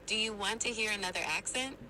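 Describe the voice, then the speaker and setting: A woman's voice: medium pitch, quick pace, bright, forceful tone, rough recording. Upbeat synthetic woman's assistant voice. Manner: upbeat, friendly and polite. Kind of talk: chatty AI voice assistant. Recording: phone speaker with background noise.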